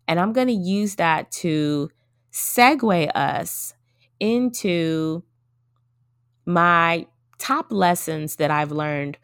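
Low-voiced woman podcaster in her thirties. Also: very slow, fairly bright tone, clean tone, dry recording, studio quality. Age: 30s. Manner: earnest, reflective, addresses listeners directly. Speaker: podcast host. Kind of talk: casual solo podcast talk.

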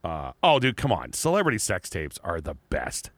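A man co-hosting a casual comedy podcast, rambling and animated, with lots of "like" and laughter. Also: low-pitched, moderate pace, no room sound. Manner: rambling, animated, frequent "like" and laughter, playful mock voices. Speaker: podcast co-host.

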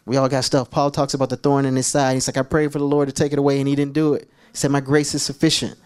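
A man preaching a sermon as pastor, telling animated, jokey stories to his church. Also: mid-range voice, fast talker, clear, resonant tone.

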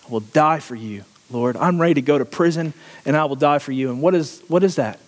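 A man's voice: on the high side, fairly quick, long reverb tail. A man preaching a sermon, asking the congregation questions and often laughing. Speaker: pastor.

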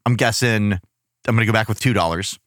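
Male podcast co-host, animated and jokey, bright tone, dry close mic. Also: on the low side, brisk, no echo. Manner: animated, jokey, laughs often. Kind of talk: casual chat.

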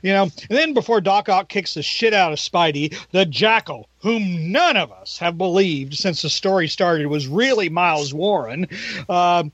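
High-voiced rambling male podcaster. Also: expressive, normal speed, a bit bright, dry recording, highs cut off. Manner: rambling, laughing, acts out quotes. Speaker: podcast co-host. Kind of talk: casual comic review chat.

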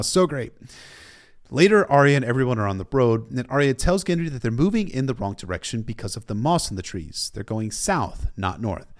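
A man's voice: medium pitch, sing-song, a little fast. A man retelling a novel in a casual storytelling style, sometimes stopping for emotional asides. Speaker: book recap narrator.

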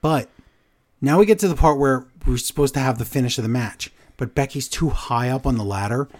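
A man co-hosting a podcast, recapping matches in casual, animated storytelling and putting on voices for the lines he quotes. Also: medium pitch, fairly quick. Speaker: podcast co-host.

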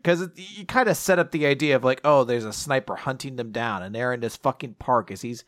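A man's voice: mid-range voice, brisk, few pauses, a bit bright, no echo. Dry-sounding man in sarcastic chat. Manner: laughing, sarcastic, acts out characters' lines. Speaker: podcast co-host. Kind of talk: casual chat recapping a manga.

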